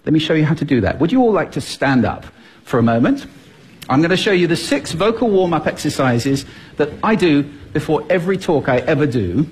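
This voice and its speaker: A man speaks from a stage with a very husky, breathy voice. His pitch swoops up and down constantly as he plays with his delivery to show his points. He sounds lively and playful, like a seasoned public speaker. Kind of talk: stage talk to a live audience. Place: stage before an audience.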